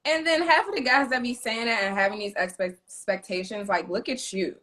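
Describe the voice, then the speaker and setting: A woman's voice: on the high side, fairly quick. A woman co-hosting a casual chat, talking emphatically and acting out the people she retells. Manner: emphatic, animated retelling with quoted voices. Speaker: co-host.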